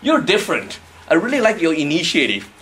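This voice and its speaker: A man's voice: a little high, fairly quick. A man from Malaysia telling a motivational story to a live audience, acting out the dialogue and laughing along. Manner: animated, acts out dialogue with laughs. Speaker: motivational speaker.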